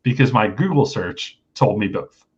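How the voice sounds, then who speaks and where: A man's voice: fairly low pitch, animated, normal speed, a little mellow, muffled recording. A man hosting a casual online trivia night, reading out questions and chatting loosely between them. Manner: easygoing, reads questions and jokes between them. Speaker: trivia quiz host. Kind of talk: casual live trivia stream.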